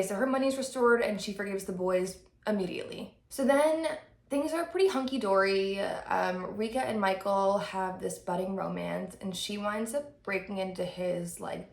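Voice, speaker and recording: A woman's voice: medium pitch, gravelly. A woman recapping a novel in a casual, sarcastic, irreverent way as a book reviewer. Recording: echoey room.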